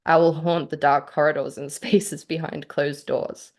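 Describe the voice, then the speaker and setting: An Australian woman with a notably low voice moves between lively chat and reading her own short fiction aloud. She laughs easily and grows emotional over her words. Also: unhurried. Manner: animated, laughs often, gets choked up. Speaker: podcast co-host and author.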